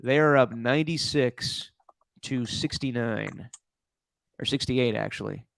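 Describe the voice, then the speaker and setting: A man hosting a casual sports podcast, relaxed and running through live scores. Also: mid-range voice, measured pace, vocal fry, dry recording. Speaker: podcast host.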